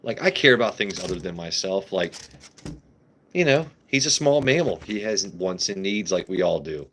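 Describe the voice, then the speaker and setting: A man with a somewhat low voice hosts a relaxed livestream. He talks in a loose, playful way, teasing and chatting with his audience. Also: normal speed, a little hiss or hum. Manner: playful, talks to his pet guinea pig and chat. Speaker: livestream host. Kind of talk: casual livestream chat.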